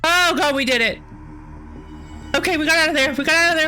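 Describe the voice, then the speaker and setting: A woman streaming a game with excitable, giggly commentary that breaks into panicky shrieks. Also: high-pitched, fairly quick, pauses often, soft background music. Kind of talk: live gameplay commentary.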